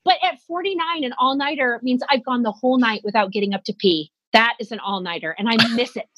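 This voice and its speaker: A woman in her forties telling comic stories about aging, animated and self-deprecating, acting out little quotes. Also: on the high side, fast talker, muffled recording. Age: 40s. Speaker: comedian guest. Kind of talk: comedic storytelling in conversation.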